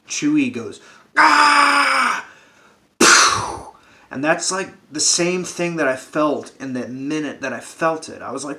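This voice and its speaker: A man with a medium-pitched, fairly bright voice gives a sarcastic comedic rant about a film. He swears a lot and acts out the characters' lines as he goes.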